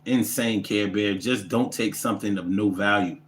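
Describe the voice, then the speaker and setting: A man, telling comic stories and reading viewer comments in a profane, animated, rambling way. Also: lowish voice, normal speed, roomy sound. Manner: animated, profane, rants with repetition. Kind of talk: casual comedic storytelling.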